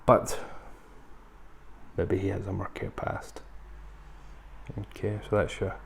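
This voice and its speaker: A man with a low, gravelly voice gives a loose, conversational film review to camera. He wanders off on tangents and fills pauses with ums. Faint ambient noise sits under the close mic. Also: flat delivery. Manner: rambling, conversational, frequent ums and asides. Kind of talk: casual film review chat.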